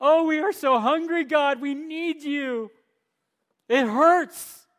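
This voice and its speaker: A preacher acting out a desperate pleading Israelite crowd. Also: male voice, very high-pitched, slow, fairly bright tone, pitched above the performer's own voice, heavily acted. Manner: wailing, pleading cry.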